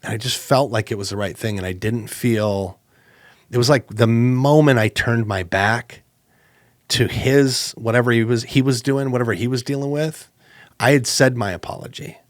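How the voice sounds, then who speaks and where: A man co-hosting a podcast, telling a personal story in a casual, animated way with lots of fillers. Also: normal speed, dry recording, studio quality. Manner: animated, acts out quoted exchanges with jumps in pitch; conversational, with many fillers and restarts. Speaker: podcast co-host.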